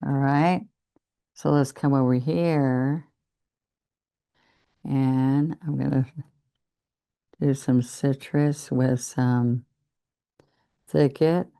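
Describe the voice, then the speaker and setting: A woman's voice: very deep voice, steady tone, very slow, vocal fry, pauses often, warm tone, clean tone. An older woman teaching a painting lesson, chatting encouragingly as she demonstrates each stroke. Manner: chatty, encouraging, talks while working. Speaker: painting instructor.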